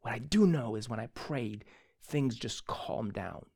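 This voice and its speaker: A male pastor tells a story in a sermon, animated and prone to restarting his sentences. His voice sits at an ordinary middle pitch. He speaks in a church. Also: measured pace, vocal fry, slightly rough. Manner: animated, self-correcting storyteller.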